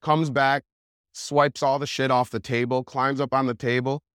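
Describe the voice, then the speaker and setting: Young man, podcast guest, mid-pitch, dry close studio sound, loose rambling storyteller. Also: normal speed, clear, resonant tone, no echo. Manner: animated, heavy use of "like", laughs while telling. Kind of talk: casual storytelling.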